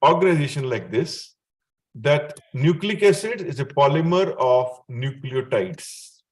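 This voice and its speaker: A man's voice: fairly high pitch, animated, a little slow, a little mellow. A man with an Indian English accent teaching a chemistry lesson, explaining step by step and often checking in with his student. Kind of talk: explanatory classroom lecture.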